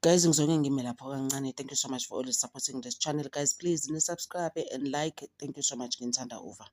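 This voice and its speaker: South african woman, low voice, mellow tone, gossip vlog, animated and mocking. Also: brisk, a little hiss or hum. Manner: animated, mixing English with Zulu, mocking asides. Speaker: commentator on a gossip channel. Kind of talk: casual chat vlog.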